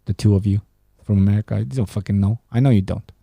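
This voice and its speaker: A man rants on his own podcast, swearing freely and mocking his listeners with heavy sarcasm. His voice is dark and mellow. The sound is close and dry, with no room around it. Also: on the low side, fast talker, vocal fry, no echo. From Romania. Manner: profane, sarcastic ranting. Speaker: podcast host. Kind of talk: casual solo podcast rant.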